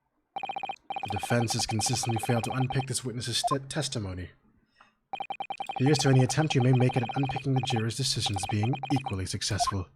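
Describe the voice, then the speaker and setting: A man's voice: mid-range voice, heavy background noise, lightly acted. A man doing a cold, formal courtroom prosecutor. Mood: cold, assured. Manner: measured, formal courtroom delivery. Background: game music.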